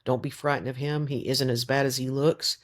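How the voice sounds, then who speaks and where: A man's voice: mid-range voice, level tone, brisk, lightly acted. A man reading the lines of a fierce, protective peasant woman who makes cold, cutting threats in an audiobook. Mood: reassuring.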